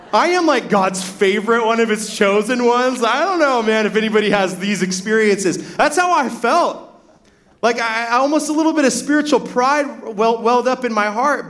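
A man's voice: high-pitched, a bit bright. A young adult man, a pastor, preaching a sermon in a casual storytelling way, full of "like" fillers and restarts.

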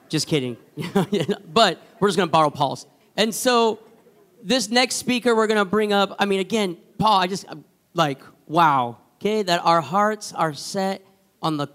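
A man's voice: high-pitched, fairly bright tone. A man hosting a church gathering, thanking one speaker and introducing the next with jokes and enthusiasm. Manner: enthusiastic and joking.

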